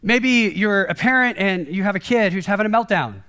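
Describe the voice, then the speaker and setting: Male guest preacher, high-pitched voice, casual and chatty delivery at a church service. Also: moderate pace, clear, resonant tone. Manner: casual and chatty, peppered with "like" and "kind of"; animated, acts out quoted speech with a raised voice. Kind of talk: conversational sermon.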